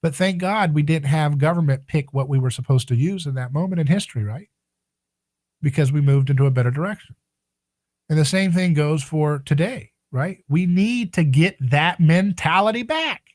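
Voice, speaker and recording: A man's voice: on the high side, moderate pace, darkish tone, no room sound. A man hosting a talk radio show, delivering an opinionated monologue with sarcastic, rhetorical asides.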